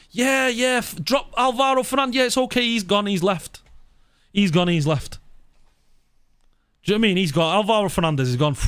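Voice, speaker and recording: Man, fan channel live streamer, high voice, animated, mock outrage, repeats himself. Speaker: fan channel presenter reading live chat. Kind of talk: casual live-stream chat.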